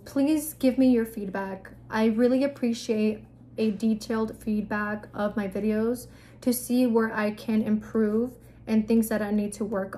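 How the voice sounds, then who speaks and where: A young woman with a fairly high voice gives frank, no-nonsense advice straight to the camera. Her delivery is casual and blunt, full of fillers and mild profanity. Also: dark tone. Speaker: vlogger giving advice.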